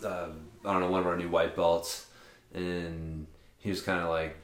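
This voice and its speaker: A man's voice: low voice, little pitch movement, normal speed, reverberant. A man co-hosting a podcast in casual chat, rambling with restarts and swearing freely. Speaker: podcast co-host.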